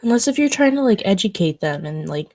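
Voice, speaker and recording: A woman co-hosting a casual chat with her sisters, explaining her points in a measured way. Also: medium pitch, very animated, a little mellow. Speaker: podcast co-host.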